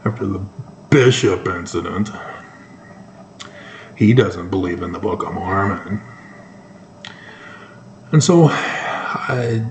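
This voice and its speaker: Slow, halting man in an echoey room. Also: low voice, animated, slight background noise. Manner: slow, halting delivery with sudden emphatic bursts. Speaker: YouTube commentator. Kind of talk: solo news commentary.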